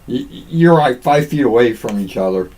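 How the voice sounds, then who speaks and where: A man's voice: medium pitch, animated, darkish tone, rough recording. A man co-hosting a casual chat podcast, often stumbling and repeating words as he gets going. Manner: halting, repeats words while getting going. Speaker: podcast co-host.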